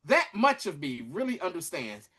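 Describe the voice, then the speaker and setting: Animated man with a bright voice. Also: high voice, normal speed, husky. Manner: animated storytelling, slangy, restarts. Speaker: podcast co-host. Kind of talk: casual TV recap chat.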